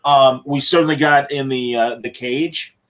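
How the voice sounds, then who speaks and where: A man's voice: medium pitch, fairly even intonation, a little slow, fairly bright tone, poor audio. A man co-hosting a podcast, rambling enthusiastically through a fan critique in casual chat. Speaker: podcast co-host.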